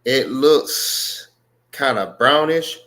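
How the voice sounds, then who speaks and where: A man teaching a class, explaining slowly, repeating words and checking with his listeners. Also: mid-range voice, expressive, fairly bright tone, roomy sound. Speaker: class instructor. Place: indoor classroom.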